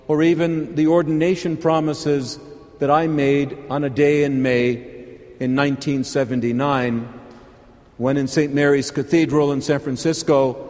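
Slow-speaking older priest, big church echo. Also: male voice, on the high side, darkish tone. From California, USA. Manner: unhurried, conversational, dry humor. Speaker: priest giving a homily. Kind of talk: homily. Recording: long reverb of a large church.

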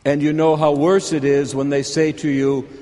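An older man from California, a priest delivering a homily in an unhurried, conversational way with dry humor. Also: on the high side, flat delivery, warm tone. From California, USA. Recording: long reverb of a large church.

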